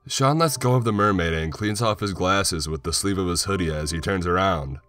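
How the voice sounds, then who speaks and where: Deep-voiced male horror narrator. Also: moderate pace. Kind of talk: scripted horror story narration. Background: soft music.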